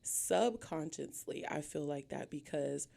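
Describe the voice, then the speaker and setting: A woman's voice: deep voice, lively intonation, measured pace, gravelly, warm tone. A woman hosting her own podcast, now being interviewed, talking casually and candidly, nervous and a little out of breath, laughing often. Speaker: podcast host.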